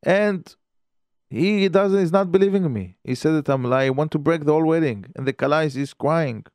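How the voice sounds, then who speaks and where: A man's voice: on the high side, a little mellow, no echo. Earnest man telling a story. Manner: earnest storyteller with halting, broken English phrasing. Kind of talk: storytelling sermon.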